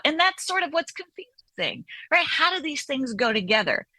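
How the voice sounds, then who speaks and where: A woman's voice: sits high, expressive, brisk, hardly any pauses, pushed and bright, no echo. A woman therapist and author being interviewed on the radio, explaining animatedly and often checking in with "right?".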